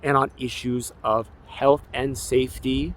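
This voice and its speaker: A man's voice: medium pitch, steady tone, unhurried. A man in his forties, an activist, delivering an emotional, rambling personal documentary monologue with an aggrieved tone. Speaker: activist and filmmaker.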